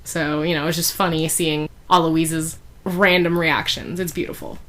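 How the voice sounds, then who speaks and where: A woman's voice: low voice, flat delivery, normal speed, a bit bright. Chatty woman recapping a story. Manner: chatty, many fillers, giggly asides. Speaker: fan fiction reviewer. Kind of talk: casual chapter recap.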